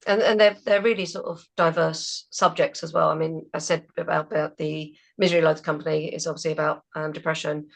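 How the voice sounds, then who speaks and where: Woman, band singer, slightly low voice, chatty and easygoing. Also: little pitch movement, fairly quick, vocal fry, hardly any pauses. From England. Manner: chatty, laughs between thoughts, many fillers. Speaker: band member. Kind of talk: casual interview chat.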